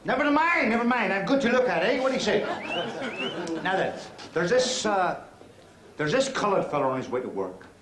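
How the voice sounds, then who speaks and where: An actor playing a crude, cheeky middle-aged club comic from Belfast, with a Northern Irish accent, doing a bawdy stand-up routine on stage. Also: male voice, high-pitched, big pitch swings, normal speed, a crowd in the background. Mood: cheeky patter. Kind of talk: 1970s TV drama, stand-up routine. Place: club stage before an audience. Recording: roomy club hall, loud audience.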